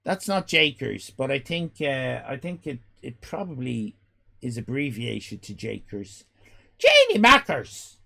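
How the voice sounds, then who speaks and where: An Irish man in his fifties hosting a live stream, loud and exclaiming, swearing and joking as he reacts to chat. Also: mid-range voice, wildly swooping pitch, a little slow, gravelly. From Ireland. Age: 50s. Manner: loud, exclaiming, swears and jokes, rambling restarts.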